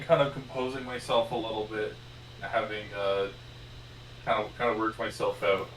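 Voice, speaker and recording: A man's voice: lowish voice, a little hiss or hum. A man playing at a tabletop game, chatting casually and joking. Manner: animated, quick to joke. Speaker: player. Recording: roomy sound from a distant mic.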